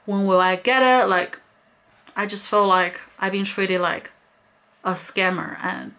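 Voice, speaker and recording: Young woman vlogger, bright, tense voice, exasperated casual rant. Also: mid-range voice. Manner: exasperated, repeats "like" and "honestly" often. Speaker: beauty vlogger. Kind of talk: casual ranting storytime.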